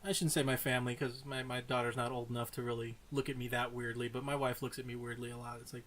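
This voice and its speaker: A man's voice: medium pitch, steady tone, fast talker, few pauses, fairly bright tone. A man co-hosting a casual podcast chat, rambling through nerdy asides and often correcting himself mid-sentence. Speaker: podcast co-host.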